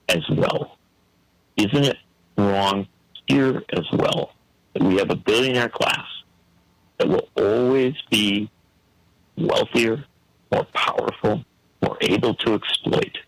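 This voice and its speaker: A man's voice: fairly low pitch, creaky, fairly bright tone, husky, dry recording, poor audio. A man giving an emphatic, preacherly political commentary on a talk show, full of rhetorical questions.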